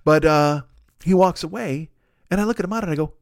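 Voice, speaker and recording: A man's voice: high voice, fairly quick, gravelly, no room sound, clean studio sound. A man telling a profane, comic story in a monologue and acting out the voices of the people in it. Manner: profane, animated, acts out voices in his stories. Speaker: podcast host.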